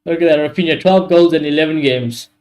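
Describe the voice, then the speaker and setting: Man, fairly high voice, live football watchalong host, excitable, frustrated, swears a lot, chats to viewers. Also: quick pace. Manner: excitable, frustrated, swears often, talks to chat. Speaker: streamer hosting a live match watchalong.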